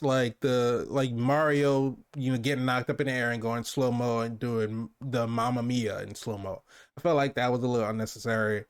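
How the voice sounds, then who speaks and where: A man's voice: medium pitch, clear, resonant tone. A man co-hosting a casual movie review, talking in long rambling runs with many restarts and fillers.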